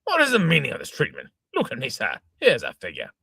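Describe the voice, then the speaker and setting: Man voicing a sputtering old gentleman, indignant exclamations, husky voice, dry close sound. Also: mid-range voice, huge pitch swings, fast talker, no room sound, heavily acted. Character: blustering old gentleman father, hot-tempered. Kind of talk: amateur reading of an old stage farce.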